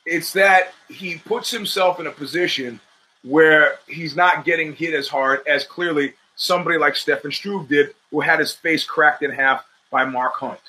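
In a rough recording, a male podcast host with a voice on the high side talks at a moderate pace, sounding pushed and bright. He rambles through his fight predictions in a loose, opinionated monologue. He swears freely, uses streetwise language and often restarts sentences halfway through.

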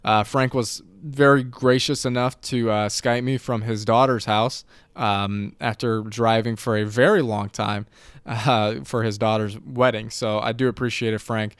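A man's voice: medium pitch, fairly even intonation, a little slow, clear, resonant tone, no echo, clean studio sound. A man hosting a podcast, introducing a guest and asking questions in a loose, conversational way with plenty of filler words. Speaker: podcast host.

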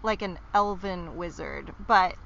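A woman's voice: fairly low pitch, unhurried, vocal fry, a bit bright, highs cut off, slight background noise. A woman co-hosting a casual book chat, supportive and curious, asking questions.

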